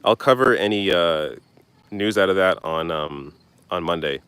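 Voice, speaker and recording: A young man with a deep, low-pitched voice reads viewer comments aloud and answers them on a live stream. He talks bluntly and casually, tossing in the odd swear. He's recording outdoors. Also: expressive, measured pace, a bit bright, smooth, no echo. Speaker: political commentary host. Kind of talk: live stream Q&A reading chat.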